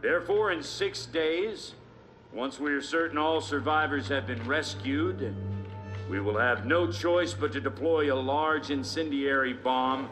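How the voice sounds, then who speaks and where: A man's voice: a little high, a bit bright, faint music behind. Stern male official in a game. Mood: grave. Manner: formal, grave and measured. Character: stern male military official addressing the public. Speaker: defense secretary at a press conference.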